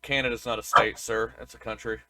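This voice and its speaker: Bright jokey podcast guy, dry close mic, rambles and plays dumb for laughs. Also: lowish voice, little pitch movement, a little fast, no echo. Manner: joking, rambling, mock-confused asides. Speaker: podcast co-host. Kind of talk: casual chat.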